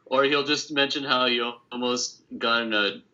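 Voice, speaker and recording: A man's voice: mid-range voice, steady tone, normal speed, pushed and bright, lo-fi sound, slight background noise. A man co-hosting a casual podcast, making laid-back, wry jokes. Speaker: podcast co-host.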